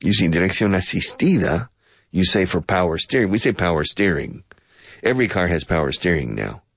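A man teaches English playfully, voicing both speakers in an exchange with pitch switches and explaining expressions partly in Spanish. His sing-song voice is gravelly, slightly rough and a bit bright, and he talks a little fast. It's studio quality with no room sound.

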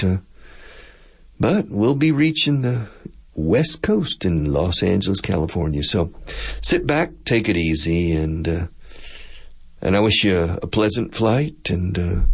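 An easygoing airline captain, as a man puts him on, speaks over the cabin in a slow Texan drawl. The voice sits low and gravelly, with a husky edge, and the captain sounds unhurried and reassuring. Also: heavily acted. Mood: relaxed, reassuring. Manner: slow, relaxed, drawn-out pilot announcement.

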